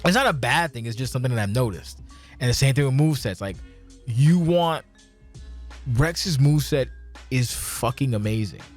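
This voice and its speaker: A man's voice: mid-range voice, normal speed, faint music behind. Rambling, profane podcast host man. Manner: rambling, profane, animated storytelling. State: tipsy. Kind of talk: casual chat.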